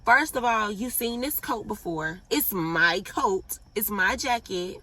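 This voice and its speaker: A young woman with a bright, forceful voice tells a storytime straight to the camera, blunt, profane and animated. She sits a little back from the mic, so her voice sounds slightly distant. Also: mid-range voice, takes it slowly. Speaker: vlogger. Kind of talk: casual storytime.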